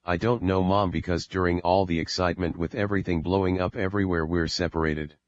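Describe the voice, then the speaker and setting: A man voicing a panicked, confused adult daughter in an audiobook, reading in a plain, low voice on a dull, dry recording. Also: steady tone, fast, dry recording, close to an everyday voice. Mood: frightened.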